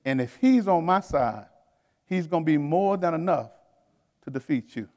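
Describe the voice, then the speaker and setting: A man's voice: on the high side, expressive, normal speed, darkish tone, big-room sound. A man preaching a sermon to his congregation in a folksy, conversational way, talking straight to the crowd and laughing between points. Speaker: pastor.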